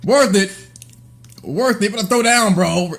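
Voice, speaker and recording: A man's voice: high voice, unhurried, gravelly, a bit bright. A man livestreaming a reaction, laughing helplessly, repeating himself and calling out to his chat. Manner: addresses chat directly. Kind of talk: live stream reaction.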